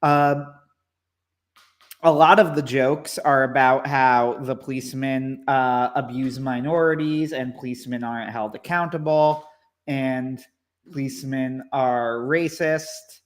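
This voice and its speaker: A man co-hosting a casual livestream chat, rambling and hesitant with lots of fillers, in a wry, low-key way. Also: fairly even intonation, a little slow. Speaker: co-host, movie commentator.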